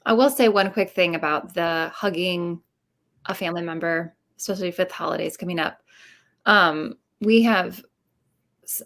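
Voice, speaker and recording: Lower-voiced woman on a parenting panel. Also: a bit bright. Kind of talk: casual panel discussion.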